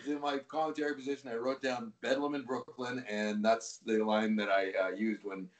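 A man's voice: medium pitch, normal speed, echoey room. A man who calls hockey games on air, telling a long story in an interview with many restarts. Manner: relaxed, rambling with frequent restarts. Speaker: hockey play-by-play broadcaster, guest.

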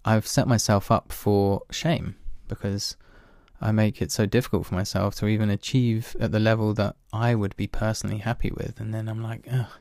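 Guy musing out loud, low gravelly voice, swears a bit, laughs at himself. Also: level tone, normal speed, no echo, clean studio sound. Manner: candid, self-deprecating, swears often, laughs at himself. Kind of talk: casual reflective monologue.

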